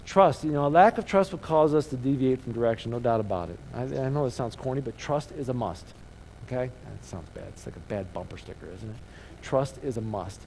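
A man's voice: mid-range voice, animated, fast talker, creaky, few pauses, a little mellow, a little hiss or hum, rough recording. A male pastor giving a conversational sermon, asking rhetorical questions and calling on the audience to repeat key words after him. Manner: call-and-response, asks audience to repeat words.

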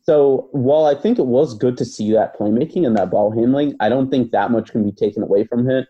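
A man's voice: medium pitch, brisk, dark tone, dull audio. A man co-hosting a basketball podcast, talking through his views in a casual, thoughtful way with many fillers and hedges. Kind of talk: casual analytical chat.

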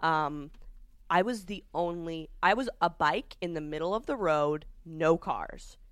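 A woman co-hosting a casual podcast chat, telling stories with animated swearing and loud quoted outbursts. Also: sits low, measured pace, smooth, no echo, clean studio sound. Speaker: podcast co-host. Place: recording space in New York.

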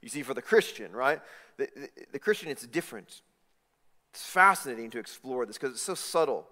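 A man preaching a sermon, swinging from loud emphatic lines to hushed, intimate ones. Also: medium pitch, lively intonation, brisk. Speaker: pastor. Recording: reverberant hall.

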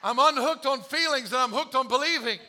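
A man preaching a sermon as pastor, joking at himself and moving from quiet confession to loud urging. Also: very high-pitched. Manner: animated, self-deprecating humor, swings from quiet confession to shouting; quotes scripture slowly.

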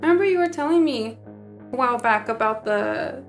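With faint music behind her, this young female podcast co-host keeps the casual conversation going, earnestly agreeing often. Her fairly high voice is expressive and has vocal fry.

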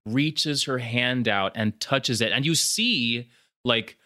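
Bright-voiced man recapping a film plot. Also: medium pitch, takes it slowly, no echo, studio quality. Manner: loose and jokey, uses sound effects and fillers. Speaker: podcast co-host.

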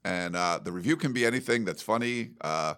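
Gravelly, lively podcast co-host man. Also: fairly low pitch, a little fast. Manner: rambling, laid-back, lots of fillers. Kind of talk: casual podcast chat. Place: studio.

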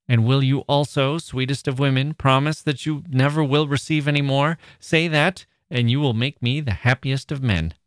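A man reading aloud and voicing a jealous 18th-century gentleman who pleads and rages theatrically. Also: mid-range voice, fairly even intonation, moderate pace, hardly any pauses, no echo, clean studio sound, close to an everyday voice. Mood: impassioned. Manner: impassioned, theatrical outbursts.

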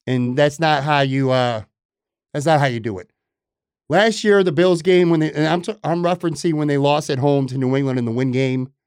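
A man's voice: medium pitch, darkish tone, clean tone, dry recording, clean studio sound. A man hosting a sports podcast, delivering an emphatic, opinionated monologue that repeats points for stress. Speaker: podcast host.

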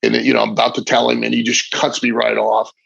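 A man's voice: medium pitch, completely flat delivery, fast, vocal fry, a bit bright, slightly rough, no echo. A middle-aged man, a former wrestler, telling rambling, vivid stories in a casual interview, often restarting his sentences. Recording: dull lo-fi recording.

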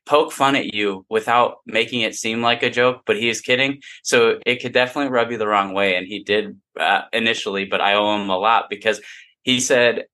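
A young man in his twenties, a podcast guest, telling a story in casual chat and acting out the lines of the people in it. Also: medium pitch. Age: 20s. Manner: animated storyteller, acts out quoted dialogue.

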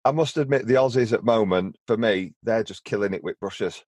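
Low-voiced young decorator talking shop. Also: male voice, brisk, darkish tone, no room sound. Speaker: painter and decorator. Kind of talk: casual chat.

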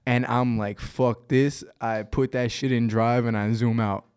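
With a smooth, mid-range voice and a measured pace, a young podcast guest tells a story in easygoing chat. He's lively about it, laughing frequently and acting out what people said.

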